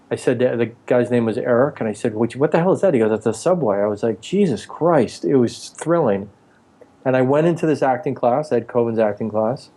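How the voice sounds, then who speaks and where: A man's voice: medium pitch, warm tone. A man in his forties, an actor and author being interviewed, telling rambling anecdotes and acting out what people said. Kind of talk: casual interview storytelling.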